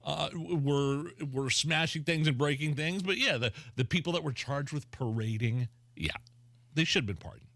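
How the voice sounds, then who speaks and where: Sharp-toned, mocking radio co-host. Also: male voice, on the high side, moderate pace, creaky, no room sound. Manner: incredulous, mocking. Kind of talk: talk radio banter. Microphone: studio microphone.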